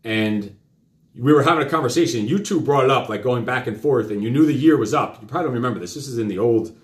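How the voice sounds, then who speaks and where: A man's voice: medium pitch, fast talker. A man hosting a live show, telling a story to his children in a rambling, profane, casual way. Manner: rambling, profane, with many fillers. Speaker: host and father. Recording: roomy echo.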